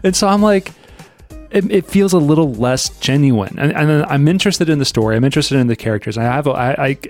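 A man co-hosting a podcast in casual chat, reflective and thinking aloud with pauses. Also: fairly high pitch, animated, soft background music. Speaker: podcast co-host.

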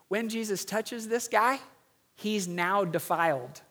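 A middle-aged male pastor preaches, telling a story in an earnest way and slowing down on key words. His voice sits high for a man. The sound carries the long reverb of a church hall. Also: a bit bright. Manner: storytelling, earnest, slows for emphasis. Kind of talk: sermon.

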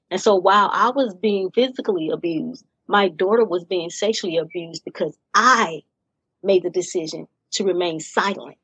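A middle-aged woman speaking as a podcast guest, telling her own story in an earnest, deliberate way and leaning on key phrases. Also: mid-range voice, a bit bright, husky, dry recording, highs cut off. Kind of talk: candid personal storytelling in conversation.

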